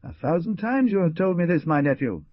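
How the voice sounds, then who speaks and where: A man voicing a stern, proud old village man who talks in a gruff, lecturing way in an audiobook reading. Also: a little high, lively intonation, fairly quick, no room sound, lo-fi sound, pitched above the performer's own voice. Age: older.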